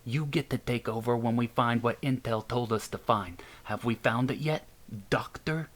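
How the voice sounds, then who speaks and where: A man voicing a gruff male sergeant who gives curt, bossy orders. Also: mid-range voice, fairly even intonation, moderate pace, fairly bright tone, lightly acted. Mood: commanding.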